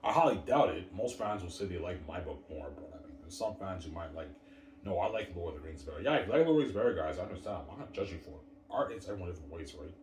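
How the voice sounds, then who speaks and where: A man's voice: low voice, expressive, racing, hardly any pauses, darkish tone, a little hiss or hum. A man hosting a casual solo livestream, boasting over and over and calling out to his viewers. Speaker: livestream host. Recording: roomy, distant mic.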